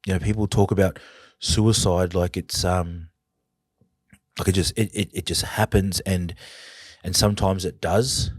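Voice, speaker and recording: Aussie bloke on a podcast, real low voice, earnest and halting, dry close sound. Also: male voice, fairly even intonation, husky, dry recording. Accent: Australian. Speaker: podcast guest. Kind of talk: personal storytelling in conversation.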